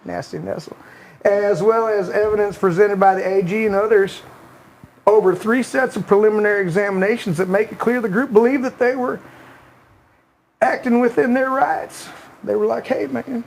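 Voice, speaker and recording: A man's voice: a little high, huge pitch swings, moderate pace, vocal fry, a little mellow, exaggerated voice, low-quality recording. A man putting on the voice of an older Southern ex-president with a folksy drawl, reading a news article aloud as a comic impression in a home studio.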